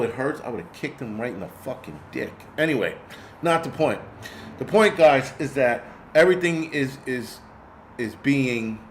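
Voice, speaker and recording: Over a faint hiss or hum, a middle-aged man with a mid-range voice hosts a casual livestream. He reads viewer comments and rants in a blunt, rambling way, swearing frequently.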